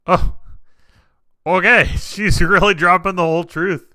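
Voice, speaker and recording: A man's voice: sits high, fairly even intonation, a little slow, pushed and bright, dry recording. A man hosting a reaction video, chatting casually and thinking aloud with frequent restarts.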